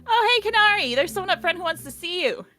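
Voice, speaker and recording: A woman voicing a cheerful, excitable young male helper in a tabletop game. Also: very high-pitched, quick pace, faint music behind, voice pushed up, heavily acted. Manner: bright, eager, chirpy.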